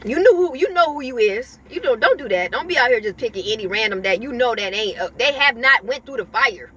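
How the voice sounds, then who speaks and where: A woman's voice: fairly high pitch, expressive, fairly quick, a bit bright, slight background noise. A woman giving an emphatic, repetitive spiritual pep talk to her viewers, chuckling between points. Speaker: spiritual vlogger.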